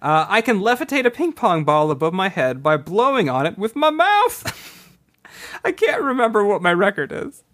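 A man chatting casually and making jokes, laughing easily along the way. His voice sits a bit high and moves around a great deal. He keeps a playful, riffing manner throughout. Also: huge pitch swings, normal speed, fairly bright tone. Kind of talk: casual comedic chat.

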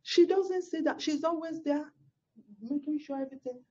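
A woman's voice: high-pitched, normal speed, a little mellow, dull audio. A woman pastor, telling a personal testimony in a sermon with exclamations and repeated words.

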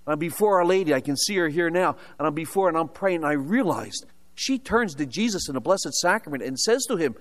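A man's voice: fairly high pitch, expressive, fairly quick. An older American man preaching a sermon, telling his own story with humorous asides and rhetorical questions. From United States. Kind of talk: sermon with personal testimony.

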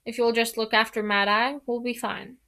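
A woman's voice: a little high, little pitch movement, moderate pace, pushed and bright. A woman reading aloud, voicing a firm, motherly witch in a busy household.

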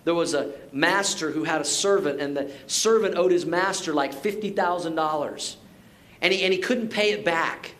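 A middle-aged man preaching a sermon as pastor, telling stories in a relaxed conversational way, often repeating words and adding asides. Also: fairly high pitch, moderate pace.

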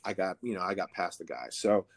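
A man in his thirties with a deep, gravelly voice speaks a little fast as a podcast guest. He tells a story casually and ramblingly, loaded with swearing and fillers.

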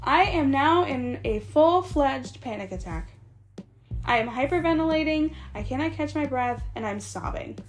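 High-voiced woman telling a story. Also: normal speed, a little hiss or hum. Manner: animated, acts out dialogue with laughs. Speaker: podcast co-host, massage therapist. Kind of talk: casual storytelling chat.

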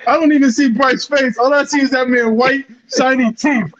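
A man's voice: extremely high pitch, fairly even intonation, normal speed, a crowd in the background. A young man in casual sports banter with friends, teasing and repeating himself mockingly. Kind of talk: casual trash talk among friends. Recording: dull lo-fi audio.

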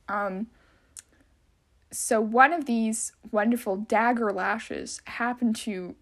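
High, bright-voiced young woman podcasting. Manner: rambling, chatty, heavy on filler words. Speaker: podcast host. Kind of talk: casual solo podcast chat.

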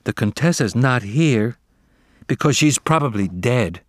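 A man's voice: medium pitch, animated, measured pace, no echo. A defiant young kitten states hard truths bluntly in a lifted voice, done by a male reader. He sounds small but unbowed. It is a storybook voice in a dry room.

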